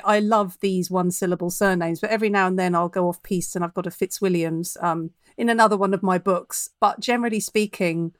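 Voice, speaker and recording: A woman's voice: medium pitch, dry recording, clean studio sound. A woman author talking about her writing in a podcast interview, chatty and reflective, laughing easily. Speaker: author guest.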